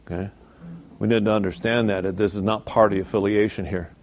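A man's voice: on the low side, steady tone, fairly quick, darkish tone. A man teaching from the Bible in a folksy, informal way, with asides and mock voices. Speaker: preacher.

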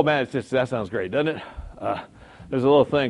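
A man preaching in a relaxed, chatty way, his voice gravelly with a husky edge. He chuckles often and pokes fun at himself as he talks. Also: medium pitch, brisk, dull audio. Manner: conversational, chuckles often, jokes at his own expense. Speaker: Christian speaker. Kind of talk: informal sermon.

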